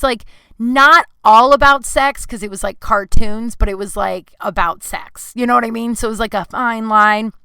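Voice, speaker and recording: A woman hosts her own podcast and talks through a personal story, her voice teary at times. She is bright and crisp, and her speech is full of "like" fillers. The sound is close and dry, recorded in a closet. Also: medium pitch, no room sound. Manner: emotional, tearful, many "like" fillers. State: crying at times. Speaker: podcast host. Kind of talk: personal confessional monologue. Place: closet at home.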